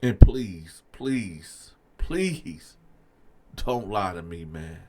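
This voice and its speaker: A man's voice: sits low, animated, extremely slow, heavy background noise, voice pushed down, heavily acted. A man voicing a distraught adult friend who pleads and repeats himself over and over. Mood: pleading.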